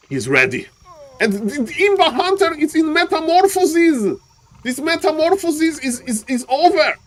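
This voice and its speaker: A man casting a live strategy game match, jumping between calm play-by-play and excited yelling, repeating his catchphrases. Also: extremely high pitch, normal speed. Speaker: game caster. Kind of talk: live esports commentary.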